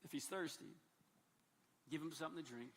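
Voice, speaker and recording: A male pastor preaching a sermon, animated and emphatic, moving between quiet asides and loud bursts. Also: a little high, a little fast. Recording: long reverb of a church hall.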